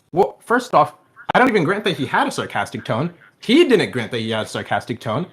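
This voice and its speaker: A man's voice: fairly high pitch, a bit bright. A man in a heated online debate, combative and mocking, often laughing between his points.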